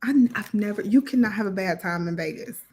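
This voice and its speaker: A woman's voice: medium pitch, brisk, darkish tone, slightly rough. A woman in her forties co-hosting a casual live chat, candid and laid-back as she teases back at her husband. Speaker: co-host of a couple's channel.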